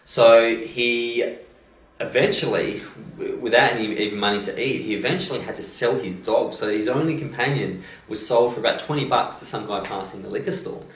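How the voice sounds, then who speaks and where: A man, a motivational coach, retelling a story with animated delivery and many "you know"s and "um"s. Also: medium pitch, moderate pace. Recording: roomy echo, distant mic.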